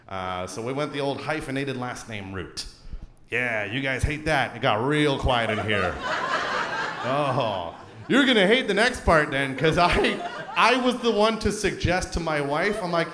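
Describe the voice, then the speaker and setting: A man with a Canadian accent doing a stand-up comedy set, acting out characters with shouting bits. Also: mid-range voice, unhurried. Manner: animated, acts out shouting characters. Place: theater stage before a live audience. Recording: roomy venue with loud crowd laughter.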